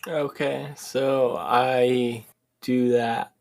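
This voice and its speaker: A young man playing a tabletop game, giving laconic, deadpan answers. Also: mid-range voice, very slow, gravelly. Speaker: player. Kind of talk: casual chat at a tabletop game.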